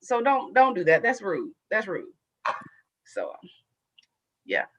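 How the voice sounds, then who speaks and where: A woman chatting as a guest on a talk show, laughing often and acting out quoted lines in a flat voice. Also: medium pitch, slow pace, slightly rough, rough recording. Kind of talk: casual chat.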